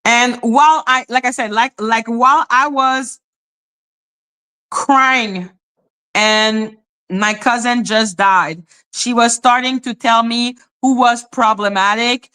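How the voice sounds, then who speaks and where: A woman on her own livestream, ranting in a heated, rambling way and leaning on "like" as filler. Her voice sits a bit high and comes across bright and forceful. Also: fairly even intonation, slow pace, clear, resonant tone. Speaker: livestream host. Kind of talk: casual livestream rant.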